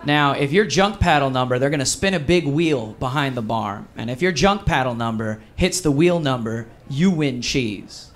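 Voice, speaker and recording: Upbeat comedian telling a story. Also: male voice, medium pitch, moderate pace, hardly any pauses. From Wisconsin. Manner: animated storytelling with acted voices. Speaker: stand-up comedian. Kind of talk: stand-up comedy set. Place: live comedy venue. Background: audience laughter.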